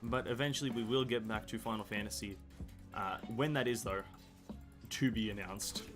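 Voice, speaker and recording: A man's voice: fairly low pitch, steady tone, moderate pace, over music. A man chatting casually on a game live stream, rambling, correcting himself and reading chat aloud. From Australia. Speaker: gaming streamer.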